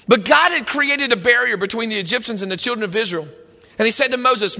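A man's voice: very high voice, lively intonation, a little fast, pushed and bright. A man preaching a sermon, retelling scripture with emphatic quoted voices, heard in a large room with a long echo. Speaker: pastor.

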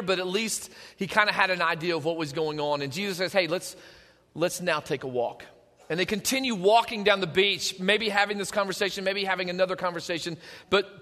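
High, bright-voiced preacher in a reverberant hall. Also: male voice. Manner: conversational preaching, swinging from hushed to emphatic. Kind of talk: sermon.

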